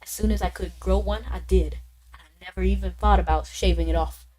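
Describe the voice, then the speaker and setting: A woman's voice: mid-range voice, fairly even intonation, fairly quick, warm tone, lightly acted, low-quality recording. Woman doing a drawling Southern game man. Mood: aggrieved. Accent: put-on Southern US. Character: gruff middle-aged mustached man, secretive and proud. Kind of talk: game dialogue read aloud on stream.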